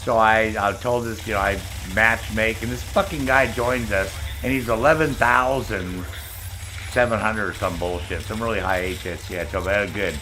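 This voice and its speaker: A man's voice: fairly low pitch, moderate pace, noisy background. An older man hosting a live stream, telling rambling stories in a casual, heavily profane way. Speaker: streamer host.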